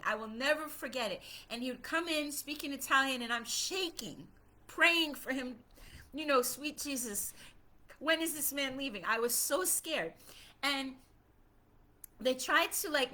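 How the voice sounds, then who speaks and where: Brief: woman storyteller, slightly high, forceful bright tone, chatty and animated. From Puerto Rico. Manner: animated, repetitive, conversational storytelling. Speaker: singer telling a childhood story. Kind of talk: personal storytelling monologue.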